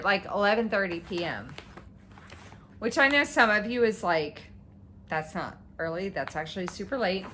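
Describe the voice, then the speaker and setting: A woman chats through her craft projects in a loose, rambling way, her pitch bouncing lively up and down. She gets excitable over her progress and swears casually. She sounds a little tired. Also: noisy background. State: tired and yawning. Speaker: cross-stitch vlogger. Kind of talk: casual show-and-tell chat.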